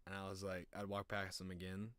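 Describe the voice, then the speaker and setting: A young man with a notably deep, low voice talks loosely on his stream. His speech rambles and swears freely, with animated bursts as he tells stories. The sound is close and dry, with no room around it. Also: a little fast, clear, resonant tone, no room sound. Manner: profane, rambling, animated storytelling. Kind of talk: casual stream chat.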